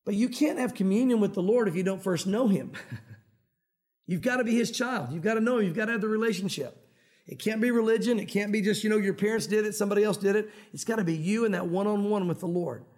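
A man from Tennessee with a Southern accent, preaching an evening sermon in a quick, conversational and earnest way. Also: sits high, darkish tone. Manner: fast-talking, conversational, earnest. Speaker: pastor.

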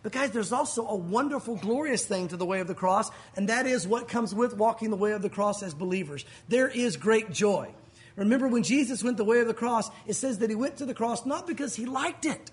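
A man preaching a sermon, telling the story with animated energy and acting out the crowd's shouts. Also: high voice, moderate pace. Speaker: pastor.

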